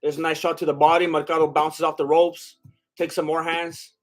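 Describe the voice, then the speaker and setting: High-voiced excitable male fight streamer. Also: fairly quick. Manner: excitable, exclaims at big shots, chats with viewers. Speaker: livestream fight commentator. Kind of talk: casual live commentary and chat.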